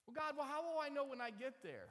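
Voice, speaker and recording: A man's voice: very high-pitched, sing-song, fast, fairly bright tone, long reverb tail, pitched above the performer's own voice, full character voice. A man voicing an anxious man who keeps asking God worried questions in a raised voice.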